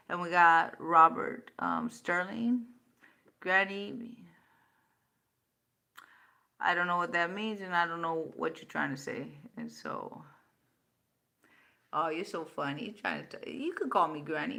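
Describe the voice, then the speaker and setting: A woman's voice: on the low side, creaky, sharp tone. A woman in her fifties hosting a livestream, talking bluntly, swearing freely and answering viewer comments. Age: 50s. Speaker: livestream host. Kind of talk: unscripted livestream talk.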